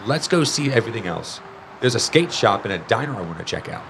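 A man's voice: on the low side, sing-song, fast talker, gravelly, noisy background. A man voicing a casual, bossy teenage older brother.

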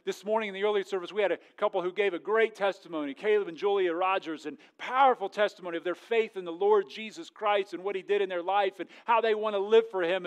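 A middle-aged man, a pastor preaching a sermon in a church, jokey and animated, swinging between loud and hushed. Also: sits high, clean tone. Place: church sanctuary.

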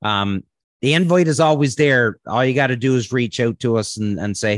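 A man's voice: mid-range voice, moderate pace, no room sound. Guy hosting a podcast, rambly and sweary, dry close sound. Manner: rambling, swears freely, many fillers. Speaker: podcast host. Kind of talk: casual chat.

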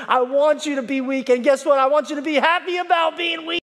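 A male pastor preaching a sermon, folksy, swinging from shouting to hushed tones and calling out to the congregation. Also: very high voice, level tone, fairly quick, hardly any pauses. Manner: folksy, repeats calls to the congregation. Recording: long hall reverb.

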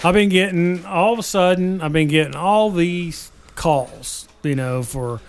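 A man's voice: sits high, measured pace. An older man hosting a podcast, chatting casually and telling stories, acting out phone calls. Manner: storytelling, acts out phone calls. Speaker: podcast host. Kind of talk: casual chat.

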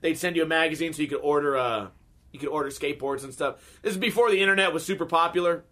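With a quick pace and a voice on the high side, a thirtysomething podcast host shares casual stories full of profanity. He brings them to life by imitating the people he's quoting.

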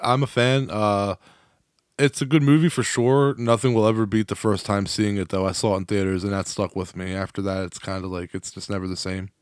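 A man's voice: fairly low pitch, fairly even intonation, fairly quick, clean tone, no echo, clean studio sound. A man co-hosting a podcast in casual chat, telling loose, profane stories and laughing often. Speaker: podcast co-host.

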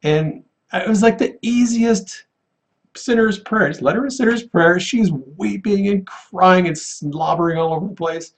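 Animated man telling a story. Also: high-pitched, unhurried. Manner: animated, laughs often, acts out quoted voices. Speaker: paramedic and guest sharing a testimony. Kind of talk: casual storytelling testimony.

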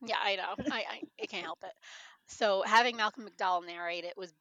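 A woman guest on a podcast, hoarse from a chest cold, chatting in a candid, jokey way. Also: medium pitch, fairly quick, fairly bright tone, no echo, dull audio. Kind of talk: casual chat.

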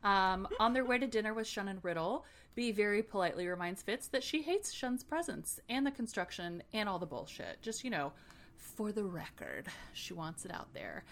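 A woman's voice: medium pitch, moderate pace. Sarcastic, cussing young woman host. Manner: sarcastic, profane, animated. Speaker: podcast host. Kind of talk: casual book recap.

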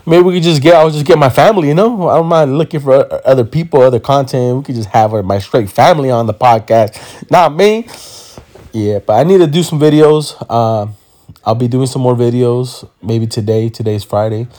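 Speaking a little fast in a mid-range, slightly mellow voice, this podcast host and comedian in his thirties records casually at home on a phone. He rambles and jokes with slang, swearing freely and self-correcting.

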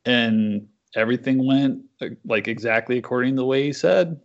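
Podcast guest: man, gravelly voice, loose rambling delivery, dull recording. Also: medium pitch, normal speed, hardly any pauses. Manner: rambling storyteller with many fillers. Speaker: guest comic book writer. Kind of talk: casual podcast chat. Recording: dull lo-fi sound.

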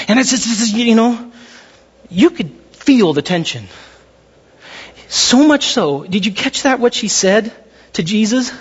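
A man preaching a sermon in a lively, conversational way, acting out the voices of the people in his story. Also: sits high, a little slow, long pauses, slightly rough, lo-fi sound. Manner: animated, acts out voices of characters. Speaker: pastor.

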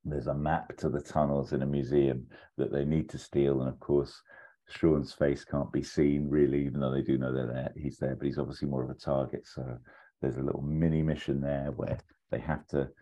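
A man's voice: a bass voice, level tone, normal speed, mellow. A man, a podcast co-host, telling a long made-up film plot in casual chat. He rambles, acts out quoted lines and laughs as he goes.

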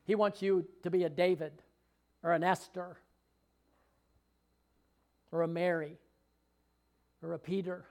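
A man delivers a sermon in a church hall, his voice sitting notably high for a man. He preaches with fervor and builds into emphatic, drawn-out readings of scripture. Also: level tone, a little mellow.

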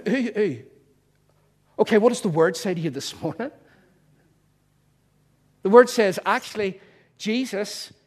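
A man preaching a sermon in a slightly high voice. He is emphatic and playful, leaning hard on key words and explaining their meanings with a joking edge.

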